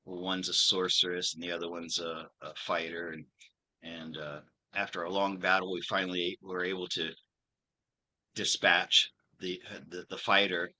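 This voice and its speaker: Low-ish guy with a super bright forceful voice, hosting his channel, rambly with lots of restarts. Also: level tone. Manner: rambling storyteller, many pauses and restarts. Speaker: channel host and tarot reader. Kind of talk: casual chat over a video call.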